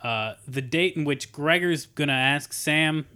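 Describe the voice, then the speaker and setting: A man co-hosts a podcast in a loose, rambling way, tripping over fillers and tossing in casual swears. His voice sits a little high and rings bright and forward. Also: a little slow, clear, resonant tone. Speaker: podcast co-host. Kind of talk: casual recap chat.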